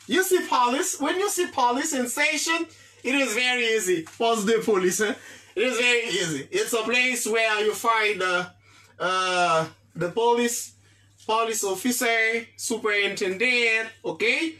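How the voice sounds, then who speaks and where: A woman's voice: fairly high pitch, a little slow, pushed and bright. A woman teaching an English lesson, repeating words often and checking that the class understands.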